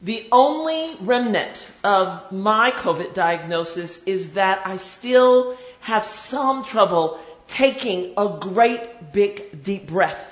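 A woman preaching a sermon in a measured, rhythmic way, with dramatic repetition. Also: medium pitch, animated. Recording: roomy, slightly dull recording.

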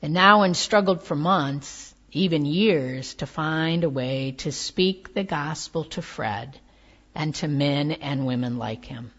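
A woman preaching a sermon, reading slowly with soft, tender emphasis. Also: deep voice, husky. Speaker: pastor. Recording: dull lo-fi sound.

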